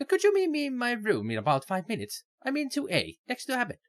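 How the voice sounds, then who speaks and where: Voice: mid-range voice, wildly swooping pitch, fast, dry recording, clean studio sound, pitched above the performer's own voice. A game player reading the lines of a young woman history student in a put-on, stereotypical Irish accent. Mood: polite. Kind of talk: voicing game dialogue while playing.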